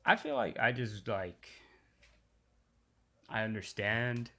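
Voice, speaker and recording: Young male co-host, low-pitched, halting and reflective in casual chat. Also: sing-song, vocal fry, sharp tone. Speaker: podcast co-host. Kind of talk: casual podcast discussion.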